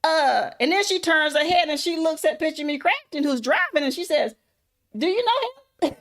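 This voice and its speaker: High-voiced woman telling a folksy story. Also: animated, brisk, a bit bright. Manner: folksy, addresses listeners as y'all. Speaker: content creator, motivational speaker. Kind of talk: motivational storytelling.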